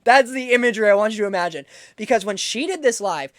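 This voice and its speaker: A woman hosting a podcast, talking in a loose, sarcastic way and swearing freely as she tells a story. Her voice is recorded close and dry, with no room sound. Her pitch sits in an ordinary middle range. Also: fast, no echo. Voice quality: profane, sarcastic, animated storyteller. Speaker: podcast host. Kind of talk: casual chat.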